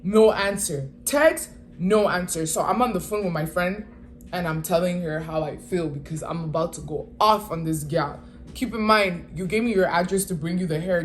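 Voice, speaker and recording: A woman in her twenties telling a casual storytime, animated and slangy, retelling with exasperation. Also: lowish voice, brisk. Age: 20s. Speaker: vlogger.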